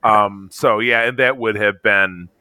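Middle-aged male podcaster, bright voice, dry sound, rambling enthusiasm. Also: lowish voice, fairly even intonation, measured pace, clear, resonant tone, no room sound. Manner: rambling, enthusiastic, many restarts. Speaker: podcast co-host. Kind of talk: casual podcast chat.

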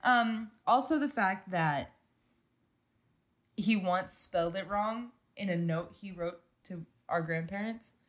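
A young woman co-hosting a podcast, telling stories in animated, casual chat and swearing freely. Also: mid-range voice, takes it slowly. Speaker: podcast co-host.

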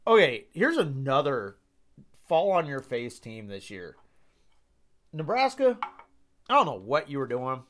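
In this casual sports picks monologue, a young man hosting a podcast talks through football picks with rambling exasperation and some casual cursing. His medium-pitched voice is expressive and a bit bright, moving at normal speed.

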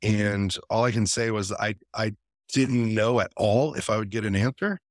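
A man's voice: fairly low pitch, moderate pace, no room sound, clean studio sound. A man, a podcast guest, telling a personal story in a casual, earnest way and acting out the voices of the people he quotes. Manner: earnest and animated, acts out quoted dialogue.

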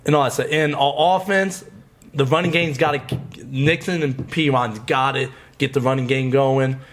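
A man's voice: mid-range voice, steady tone, normal speed. Rambling man in casual chat. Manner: rambling, many fillers. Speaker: guest, die-hard football fan.

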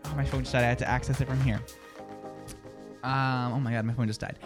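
A woman's voice: very deep voice, fairly even intonation, fast talker, pauses often. A woman co-hosting a live morning radio show, talking in a sassy, mocking way and brushing off critics. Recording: music bed under voice. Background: music.

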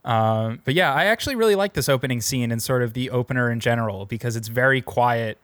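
A man's voice: medium pitch, fast, a bit bright, clear, resonant tone, no room sound. Dry-witted man co-hosting a podcast. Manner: dry, sarcastic jokes. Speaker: podcast co-host. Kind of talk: casual movie review chat.

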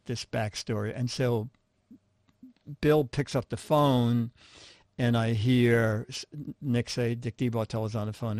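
An older man spins anecdotes from his writing career, lively and quick to mimic the people he quotes. His voice sits at an everyday middle pitch. The sound is close and dry. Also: no echo. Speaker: guest, comedy writer. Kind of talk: anecdotal storytelling.

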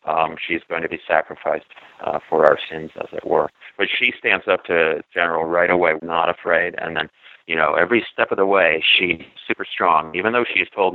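A man's voice: sits low, steady tone, normal speed, gravelly, dry recording. A man co-hosting a casual film podcast, talking in a chatty, digressive way with many fillers. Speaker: podcast co-host. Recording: dry, phone-like narrow sound.

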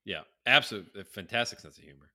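A man's voice: fairly low pitch, animated, fast, sharp tone. A man co-hosting a casual chat, telling stories with plenty of swearing and laughter. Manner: profane, laughing storyteller. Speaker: podcast co-host.

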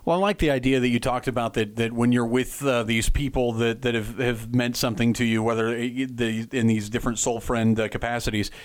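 A man's voice: medium pitch, fairly even intonation, brisk, hardly any pauses. A man from Nebraska hosting a radio interview, talking casually and rambling a little, with friendly restarts. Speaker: radio host. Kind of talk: interview conversation.

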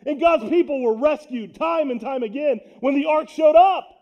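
High-voiced joking pastor preaching. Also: male voice, moderate pace, highs cut off. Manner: energetic, joking, rising to shouts on key points. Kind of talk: sermon. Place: church sanctuary.

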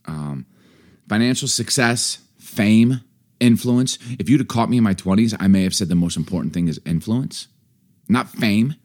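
A man in his forties co-hosting a casual chat, animated and excitable, voice jumping high when worked up. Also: normal speed. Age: 40s. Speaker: podcast co-host and pastor.

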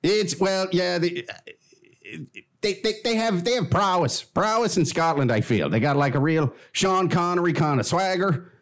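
A man's voice: high voice, normal speed, close to an everyday voice. A man playing a vain, rambling Swedish judge with a Swedish accent in an improvised comedy podcast. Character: pompous Swedish man judging a contest.

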